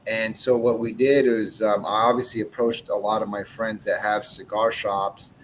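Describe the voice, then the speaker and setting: A man's voice: on the low side, flat delivery, moderate pace, slight background noise, rough recording. A man in his forties, a cigar brand owner and podcast guest, talking in a blunt, casual way, swearing freely and acting out what he says to customers. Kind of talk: casual chat.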